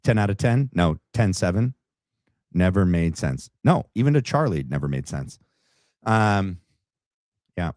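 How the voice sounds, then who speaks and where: A man's voice: sits low, expressive, unhurried, long pauses, darkish tone, no echo, clean studio sound. A man hosting a casual reaction commentary show, talking in a sarcastic, rambling, mocking way.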